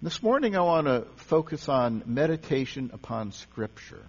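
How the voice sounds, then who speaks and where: A man preaches in a casual, conversational way, his voice rising and falling with lively pitch. He often repeats and restarts his words. The sound is dull and lo-fi, with a long hall reverb and a faint electrical hum. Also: normal speed, breathy edge. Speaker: pastor or teacher leading a service. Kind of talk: sermon on meditation.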